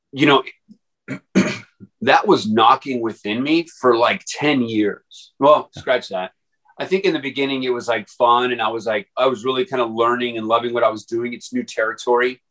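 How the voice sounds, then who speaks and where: A man's voice: medium pitch, fairly bright tone, rough recording. A man guest on an interview podcast, telling his story casually in a rambling way with many fillers and restarts. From Texas.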